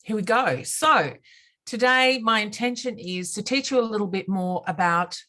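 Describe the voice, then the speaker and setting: A middle-aged woman leads a relaxed how-to session over a video call. She talks in a friendly, practical way, correcting herself as she goes. Her voice sits at an ordinary mid pitch. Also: moderate pace. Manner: chatty, practical, self-correcting with fillers. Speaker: product team leader teaching a software walkthrough. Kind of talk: casual screen-share tutorial. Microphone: video call microphone.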